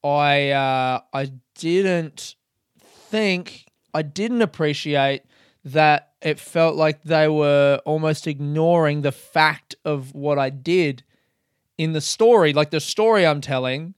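A man's voice: on the high side, slow, clear, resonant tone, dry recording. A man hosting his own podcast in a casual solo monologue, talking in a candid, reflective and slightly self-mocking way into a close microphone. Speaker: comedian and podcast host.

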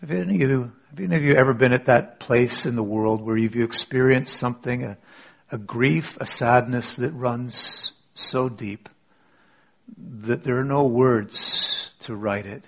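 A man preaching a sermon in a church, storytelling with dramatic swings and dropping to a hush for emphasis. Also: medium pitch, measured pace, gravelly. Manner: dramatic, drops to near whisper for emphasis. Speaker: pastor. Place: church with online audience.

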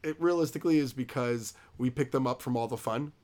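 A man's voice: medium pitch, fairly quick, darkish tone. Chatty man laughing through podcast talk. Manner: chatty, laughs often, rambling fillers. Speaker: podcast co-host. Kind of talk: casual podcast chat.

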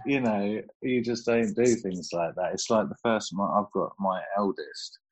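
A man's voice: on the low side, a little slow, breathy edge, rough recording. A middle-aged man, chatting casually and telling stories, laughing often and swearing freely. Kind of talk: casual chat.

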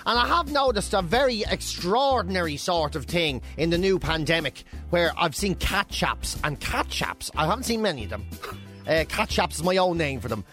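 A man co-hosting a radio show, chatting casually and telling jokes with animated delivery. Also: high voice, moderate pace, faint music behind. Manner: joking, animated storyteller. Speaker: radio co-host.

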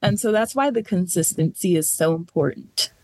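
A woman's voice: fairly low pitch, expressive, moderate pace, darkish tone, dry recording. A woman program manager for a nonprofit, talking through her work in a podcast interview, earnest and thoughtful, with many "like" and "you know" fillers.

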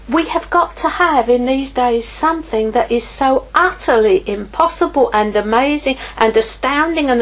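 A woman preaching a sermon, lively, moving from hushed asides to exclaiming. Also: on the high side, rough recording. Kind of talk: sermon teaching.

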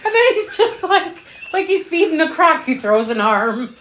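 A woman's voice: very high voice, sing-song, normal speed, a bit bright. Wry laughing woman on a podcast. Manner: dry, amused asides, often laughing. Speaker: podcast co-host. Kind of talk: casual movie recap chat. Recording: roomy echo.

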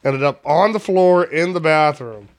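A man's voice: on the high side, measured pace. A young man co-hosting a podcast, talking crudely in casual chat, swearing freely. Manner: crude, swearing, laughs along. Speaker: podcast co-host.

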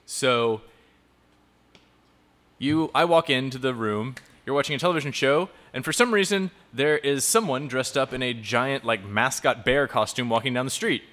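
A man's voice: mid-range voice, moderate pace, fairly bright tone. A man hosting a live talk for young people, joking and improvising tangents as he explains. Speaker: youth talk presenter and show host. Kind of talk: live talk to a youth audience.

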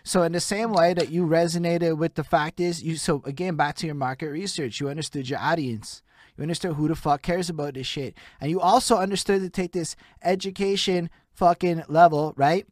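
A man's voice: a little high, fairly even intonation, brisk, a little mellow, no room sound, clean studio sound. A man from Quebec in casual, profane, jokey conversation as a podcast host. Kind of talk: casual chat.

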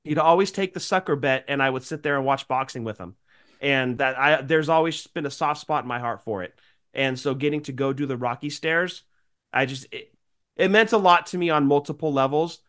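A man's voice: medium pitch, fairly quick, a bit bright, smooth. A man co-hosting a podcast, sick with a cold and sounding nasal, chatting in a rambling, grateful way. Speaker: podcast co-host. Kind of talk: casual chat.

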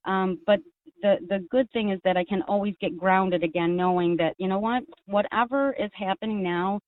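A woman's voice: medium pitch, fairly even intonation, moderate pace. Woman calling in over a tinny phone. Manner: earnest, rambling with restarts. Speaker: caller. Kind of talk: casual call-in chat. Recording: tinny phone line, dry.

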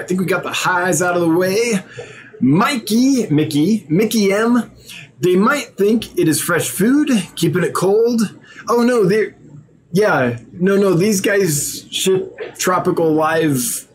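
A tired man hosting a live stream, reading viewer usernames aloud and chatting casually, sometimes stumbling over words. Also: high voice.

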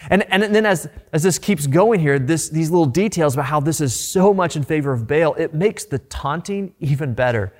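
A man preaching a sermon in an animated, informal way, asking the listeners rhetorical questions. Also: a little high, moderate pace, hardly any pauses. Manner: conversational, informal. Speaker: pastor.

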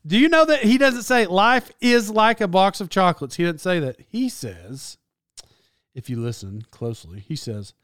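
A man's voice: fairly high pitch, sing-song, moderate pace, a bit bright, clean tone, no room sound, studio quality. Rambling, self-correcting man. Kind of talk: casual monologue.

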